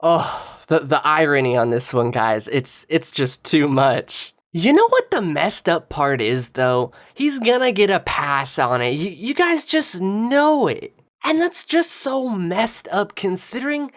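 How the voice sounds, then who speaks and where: A low-pitched woman with a swooping, animated delivery, tossing out sarcastic jabs as she comments over clips. Her tone stays mocking and taunting throughout. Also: measured pace. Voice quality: sarcastic, taunting, lively inflection. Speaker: political commentator.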